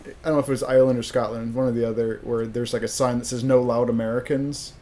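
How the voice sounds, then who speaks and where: A man's voice: medium pitch, little pitch movement, dark tone. A man guesting on a podcast, talking casually with frequent restarts about sports and travel. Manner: halting, restarts often, enthusiastic sports fan. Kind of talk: casual chat.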